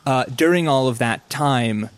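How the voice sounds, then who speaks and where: A man narrating a tabletop game as game master, describing scenes in a casual way with quick asides. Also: mid-range voice, no room sound.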